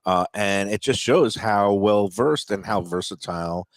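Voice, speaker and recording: A man co-hosts a talk show in relaxed, casual chat, pausing with fillers as he talks. His voice is on the low side and sounds dry and close. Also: no echo. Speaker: show co-host.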